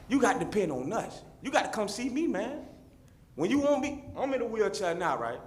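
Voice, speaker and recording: A man's voice: sits high, big pitch swings, brisk, a crowd in the background, noisy background. A man giving a fervent, repetitive public comment that speaks straight to the officials. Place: city meeting chamber. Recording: roomy echoey chamber.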